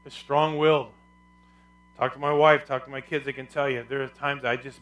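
A middle-aged man preaching a sermon as pastor, dropping soft and low then rising loud, and calling on the congregation to answer back. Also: level tone, normal speed.

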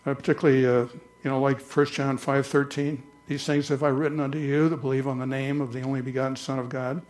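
A man preaching a conversational church sermon, slowing down to read scripture aloud. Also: mid-range voice, level tone, darkish tone. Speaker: pastor.

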